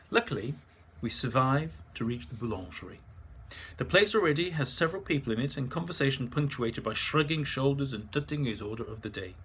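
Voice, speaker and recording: A man's voice: mid-range voice, a bit bright, slight background noise. A man narrating his memoir in a dry, wry manner.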